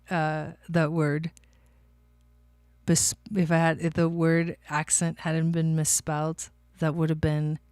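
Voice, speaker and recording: Smooth-voiced woman tarot reader, chatty. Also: deep voice, a little mellow, dry recording. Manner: chatty, laughs often, talks to viewers by name. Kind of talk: casual livestream reading.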